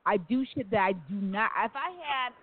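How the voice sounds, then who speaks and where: A woman with a voice on the high side runs a call-in radio talk show, speaking at a moderate pace and telling stories earnestly with rambling asides. The recording is phone-like and dry, with slight background noise.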